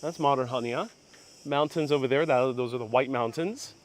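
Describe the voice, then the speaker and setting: A man's voice: mid-range voice, normal speed. Man giving a casual live walking tour. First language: Spanish. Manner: casual, reads viewer comments aloud, self-correcting. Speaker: travel vlog host. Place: outdoors in old town streets. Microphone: phone on gimbal with clip-on mic.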